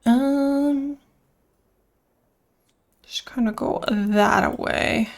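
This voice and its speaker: Streaming a video game, a woman chats in a casual, playful way, sneezing now and then and singing silly rhymes. Her voice is fairly high with vocal fry, and she speaks a little slowly. It's relaxed gameplay commentary.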